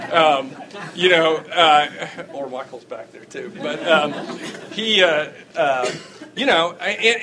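Middle-aged man, folksy class teacher, rambling with lots of fillers, wry and emphatic, faint noise behind. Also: on the high side. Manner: chuckles often and turns wry and emphatic. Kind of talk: informal teaching talk to a class.

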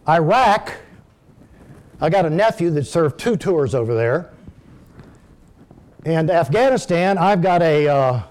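A man's voice: fairly high pitch, a little mellow. Folksy older man preaching. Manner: folksy storytelling, addresses the audience directly. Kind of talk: sermon with personal stories.

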